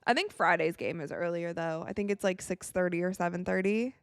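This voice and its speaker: Tired yawning woman from the us reacting live to a game, excitable, laughs a lot, dry mic. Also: lowish voice, smooth, dry recording. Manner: chatty and excitable, quick reactions, frequent laughter. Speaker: live-stream sports commentator. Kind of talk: casual watch-along game commentary.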